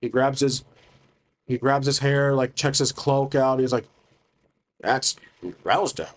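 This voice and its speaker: A man's voice: medium pitch, completely flat delivery, measured pace. A man narrating a solo tabletop game, thinking aloud hesitantly with many restarts.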